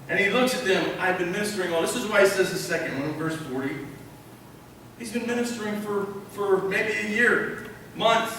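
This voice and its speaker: A man's voice: sits high, moderate pace, fairly bright tone, a little hiss or hum. A male pastor preaching a sermon, emphatic and repeating key phrases while asking the congregation questions. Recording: echoey hall from far off.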